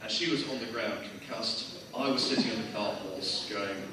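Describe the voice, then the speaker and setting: A man's voice: lowish voice, moderate pace, recorded from a distance, heavy background noise. An English man on a convention panel, telling a comic anecdote on stage with restarts, fillers and quoted voices. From England. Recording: echoey hall, mic from afar, loud audience.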